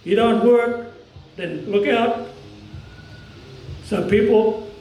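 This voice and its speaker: An Australian man from the Cairns region giving an impassioned public speech at a commemoration, talking strong and forceful in halting phrases. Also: sits high, reverberant, distant mic, a little hiss or hum, rough recording. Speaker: community speaker at a commemoration.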